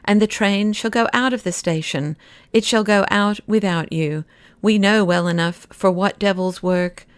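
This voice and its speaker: A woman's voice: medium pitch, unhurried, no room sound, close to an everyday voice. A woman reading an audiobook, voicing a stern male doctor who protests fiercely. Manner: indignant, fierce.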